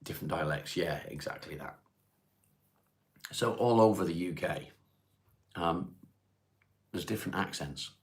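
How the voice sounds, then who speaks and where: A man from Cheshire, hosting a casual livestream, reading viewers' comments aloud and answering them in a laid-back, unhurried way. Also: sits low. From England (Cheshire). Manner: laid-back, unhurried, reads chat questions aloud then answers plainly. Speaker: livestream host. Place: at home, smoking while streaming.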